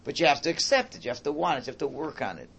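A man teaching a religious class in a lively way, swinging between loud exclamations and quiet asides. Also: fairly high pitch, very fast, vocal fry, husky, muffled recording. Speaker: Torah teacher.

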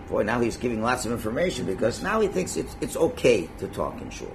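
Animated man teaching a religious class. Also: mid-range voice, brisk, slight background noise. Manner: animated, acts out quotes, chuckles at own points. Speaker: Torah teacher.

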